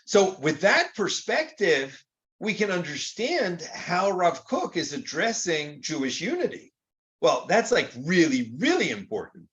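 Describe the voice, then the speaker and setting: An older man lecturing on Torah in a chatty, informal way. His voice sits somewhat high and swings widely in pitch, leaping up for rhetorical questions and acted-out dialogue. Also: measured pace. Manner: animated, conversational, acts out quoted exchanges with rising rhetorical tone. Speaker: rabbi teaching Torah.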